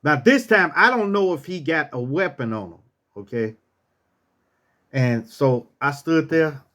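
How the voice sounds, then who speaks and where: Animated man telling a story. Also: fairly high pitch, a little slow. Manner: animated, acts out what people said, repeats phrases. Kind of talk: casual storytelling.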